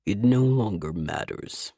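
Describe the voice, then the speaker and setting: A woman voicing a ruthless male villain king in an audiobook, low, slow and commanding. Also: expressive, warm tone, no echo, clean studio sound, heavily acted. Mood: cold. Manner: cold, commanding. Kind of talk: audiobook character voice.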